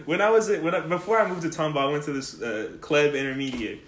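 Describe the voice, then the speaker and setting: A man's voice: on the high side, fast, a bit bright, a little hiss or hum. A young man telling a rambling, profane story in casual chat, laughing often and saying "like" a lot. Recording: echoey room.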